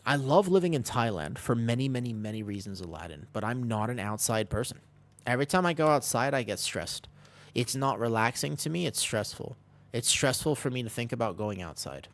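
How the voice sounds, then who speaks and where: A man's voice: mid-range voice, lively intonation, normal speed. A man streaming a game, chatting casually with his chat, joking and answering questions.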